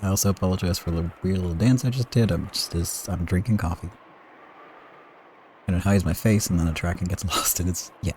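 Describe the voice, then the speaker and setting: A man's voice: sits low, a little fast, darkish tone, slight background noise. A man doing casual let's-play commentary and reading a game's text, with self-deprecating, rambling asides. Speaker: game streamer.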